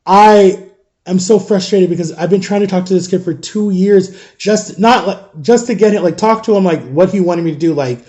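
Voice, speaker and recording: A man's voice: sits high, moderate pace, dark tone. A man in his thirties telling a long, exasperated storytime vlog about parenting, rambling and swearing casually. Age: 30s. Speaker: father vlogging about parenting.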